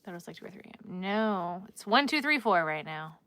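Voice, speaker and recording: A woman's voice: mid-range voice, animated, fairly quick, bright, forceful tone, clear, resonant tone, no room sound. A woman with a New Jersey accent, hosting a casual livestream and chatting in a rambling way while she crochets. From Newark, New Jersey. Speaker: livestream host.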